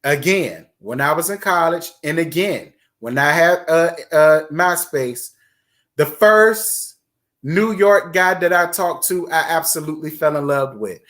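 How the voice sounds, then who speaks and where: Animated man, raised pitch. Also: a little slow. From Virginia, USA. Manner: animated and chatty, talks with emphatic repetition. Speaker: host of a live chat stream. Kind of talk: casual livestream chat, reading viewer comments.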